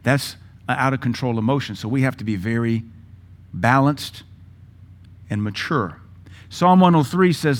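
A man's voice: mid-range voice, moderate pace. A middle-aged man preaching a sermon, emphatic, listing words in punchy bursts. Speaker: pastor.

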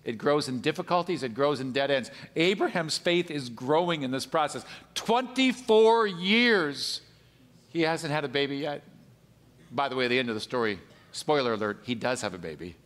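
A man pastor preaching a sermon, animated, swinging between emphatic high peaks and quiet, low asides. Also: fairly quick. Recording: long hall reverb.

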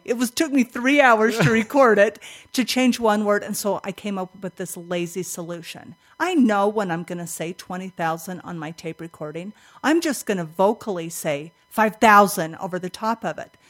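An older woman, a guest in an interview, tells a personal story in an animated way, acts out her own past thoughts and laughs often. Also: mid-range voice.

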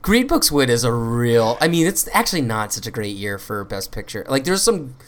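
A man's voice: mid-range voice, big pitch swings, normal speed. A man co-hosting a podcast, chatting casually with dry, sarcastic asides. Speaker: podcast co-host. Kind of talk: casual chat.

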